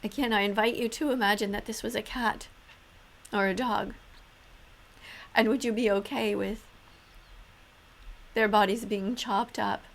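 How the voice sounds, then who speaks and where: A woman's voice: medium pitch, fairly even intonation, unhurried, vocal fry, long pauses. A woman commenting on videos in an earnest, emotional way, close to tears. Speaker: vegan activist vlogger.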